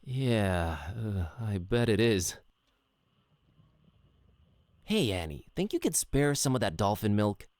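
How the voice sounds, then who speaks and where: A man's voice: on the low side, big pitch swings, slow pace, pauses often, darkish tone, no room sound. A man voicing a laid-back, wisecracking adult adventurer in a game, recorded as dry studio voice-over. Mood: curious. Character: wry easygoing male adventurer, adult. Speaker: game character.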